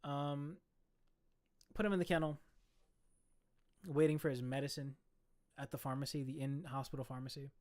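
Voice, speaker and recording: A young man casually telling a story, animated and profane, full of slang. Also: mid-range voice, normal speed, long pauses.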